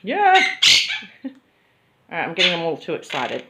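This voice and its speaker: Woman, home vlog, lively sing-song baby talk to parrots, gravelly edge, loud noisy background. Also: fairly low pitch, measured pace. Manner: cooing baby talk to her birds. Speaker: pet bird owner vlogger. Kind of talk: casual vlog, talking to her parrots. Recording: loud background noise, clicks.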